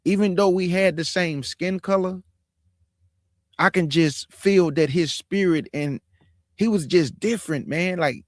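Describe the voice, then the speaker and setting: A man in his forties, hosting his own show, telling a personal testimony in a casual, animated, folksy way. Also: high voice, dry recording, studio quality. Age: 40s. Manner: animated, folksy, drawn-out emphasis. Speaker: show host.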